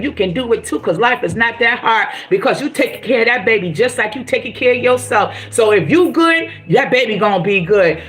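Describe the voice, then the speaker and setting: High bright-voiced encouraging woman. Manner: preachy, encouraging, repetitive. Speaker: motivational vlogger. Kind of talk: casual motivational talk.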